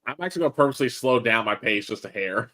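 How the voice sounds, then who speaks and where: A man's voice: mid-range voice, lively intonation, very fast, sharp tone. A man playing in a tabletop role-playing game, laid-back and joking. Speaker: player. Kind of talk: casual chat at a game table.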